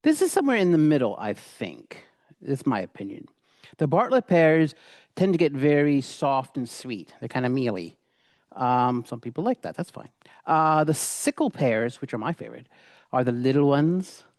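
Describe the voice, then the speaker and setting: A man's voice: mid-range voice, big pitch swings, normal speed, a little mellow, no echo, clean studio sound. A middle-aged man giving a casual, rambling cooking demonstration, with many fillers and restarts. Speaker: cooking instructor.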